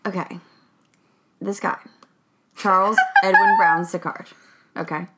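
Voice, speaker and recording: A woman's voice: medium pitch, huge pitch swings, slow, heavy background noise. A woman co-hosting a casual podcast chat, playful and mock-indignant. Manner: playful, mock-indignant, puts on a British accent for quotes. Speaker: podcast co-host.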